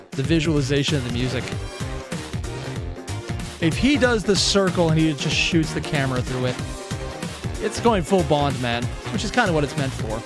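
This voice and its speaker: A man hosting a reaction video, chatting casually and excitably and swearing freely. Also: on the high side.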